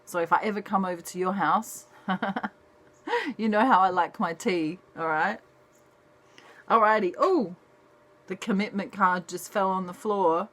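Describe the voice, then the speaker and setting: Slow, soft-spoken woman. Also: medium pitch. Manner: soft, chatty, unhurried. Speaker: tarot reader. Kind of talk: casual tarot reading.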